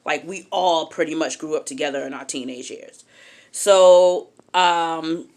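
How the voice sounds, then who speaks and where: A woman's voice: sits low, a little slow. A young adult woman telling a personal story in a casual, candid way, acting out what others said. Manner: animated, candid, acts out quotes.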